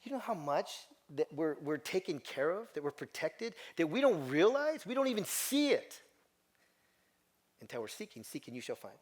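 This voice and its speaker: A middle-aged man speaks as a motivational speaker, telling his own story to a group. His voice sits a little high for a man. He leans on repetition and keeps the delivery emphatic. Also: very animated, normal speed. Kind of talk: personal storytelling talk to a group.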